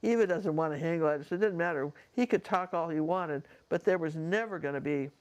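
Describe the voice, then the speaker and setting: A woman's voice: deep voice, brisk. A woman, a painting teacher, casually telling a personal story in a chatty, rambling way with lots of asides.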